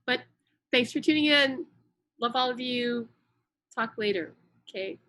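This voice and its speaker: A woman's voice: fairly high pitch, a little slow, a bit bright, low-quality recording. Earnest woman relaying spirit messages. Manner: earnest, repeats words while relaying messages. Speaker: psychic channel hosting a live stream. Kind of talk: casual spiritual live-stream talk. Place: room indoors at home.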